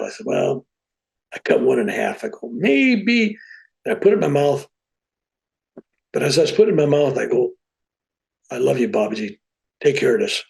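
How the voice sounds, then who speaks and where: Gravelly-voiced man telling a story. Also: medium pitch, poor audio. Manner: animated, with a relaxed plain-spoken delivery. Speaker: podcast guest. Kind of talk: casual spoken storytelling.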